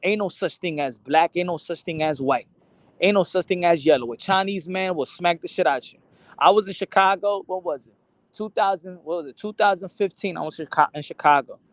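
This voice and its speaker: Speaking a little fast in a voice that sits high, this boxing channel host rants to the camera in a loose, profane ramble. He trips over and repeats his words and drops in phrases in Spanish. There's no room sound.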